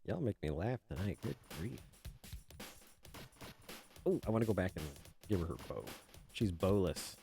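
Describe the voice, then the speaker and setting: Male streamer, casual gaming chat, lots of laughter, low lively voice, soft music behind. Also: moderate pace, creaky, pauses often. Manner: goofy, laughs often, playful asides and silly voices. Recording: faint game music behind. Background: game music.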